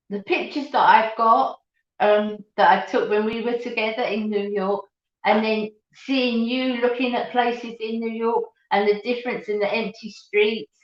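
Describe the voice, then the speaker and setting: A middle-aged woman hosting a casual live chat, laughing often and greeting viewers by name. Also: fairly high pitch. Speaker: live stream host. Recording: dull, roomy home recording.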